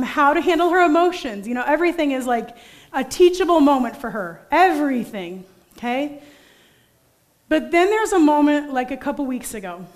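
Young woman pastor, high voice, animated storyteller delivering a sermon.

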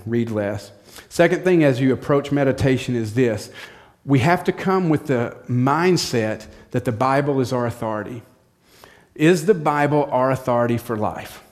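A man's voice: mid-range voice, a little mellow. A male pastor preaching a sermon in a direct, practical way, repeating short commands.

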